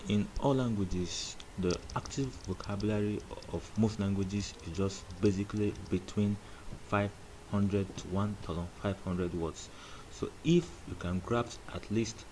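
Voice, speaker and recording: A man teaching a spoken language lesson, deliberately repeating example words slowly. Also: sits low, darkish tone, a little hiss or hum, low-quality recording.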